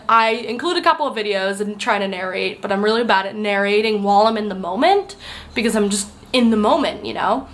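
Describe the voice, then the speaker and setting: A woman's voice: mid-range voice, a bit bright. A young woman narrating her travel vlog in a casual, rambling way, acting out what people said. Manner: chatty, rambling storytelling with quoted voices. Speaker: travel vlogger.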